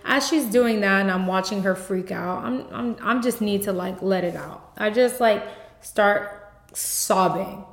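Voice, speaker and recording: A woman's voice: medium pitch, unhurried. A woman hosting her own podcast, telling her personal story with candid emotion and speaking straight to her listeners. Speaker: podcast host. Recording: echoey room.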